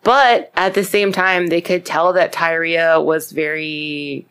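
A woman hosting a podcast, casually retelling a true crime story with lots of swearing and animated acted-out quotes. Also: deep voice, slow, clean tone. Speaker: podcast host.

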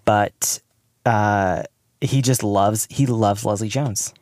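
A man's voice: on the low side, slow, a little mellow, dry recording, studio quality. A man co-hosting a podcast in casual chat, rambling and laughing often. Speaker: podcast co-host.

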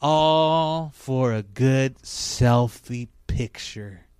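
A middle-aged man preaching a sermon as pastor, with emphatic, repetitive, drawn-out phrasing. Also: mid-range voice, darkish tone, clean tone, no echo, studio quality.

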